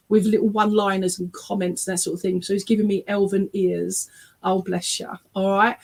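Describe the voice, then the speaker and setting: A woman working as a spiritualist medium, giving an online reading over a video call in a chatty, emotional way that often breaks into laughter and tearful exclamations. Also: mid-range voice. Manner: chatty, checks in often with "okay?" and "all right?".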